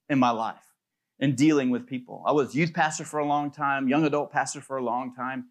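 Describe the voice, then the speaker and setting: A pastor preaching a sermon in a loose, conversational way, telling stories with plenty of fillers. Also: male voice, mid-range voice, steady tone, brisk. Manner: conversational storytelling with many fillers.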